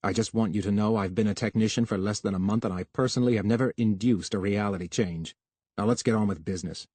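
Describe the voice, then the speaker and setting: A man's voice: lowish voice, fast, husky, no room sound. Male narrator as a touchy, bitter young technician; dry, close audiobook read. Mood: angry. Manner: curt, sharp, bitter. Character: young male technician, proud, quick-tempered.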